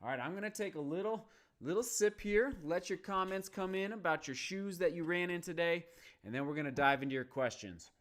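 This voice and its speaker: A man's voice: sits high, fairly quick, fairly bright tone. Upbeat man hosting a running live stream. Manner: upbeat, chatty, reads viewer comments aloud. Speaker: running channel host. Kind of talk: live stream chat, reading comments.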